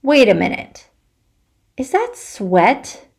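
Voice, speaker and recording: A woman's voice: on the high side, very animated, slow pace, vocal fry, voice pushed up, full character voice. A woman voicing a bossy older sister who talks in a scornful, exasperated way. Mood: annoyed.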